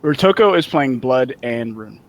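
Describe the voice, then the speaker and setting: A man's voice: mid-range voice, lively intonation, unhurried. A man doing casual live commentary on a card game stream, easygoing and a little scattered. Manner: easygoing, a bit scattered, laughs easily. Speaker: esports commentator.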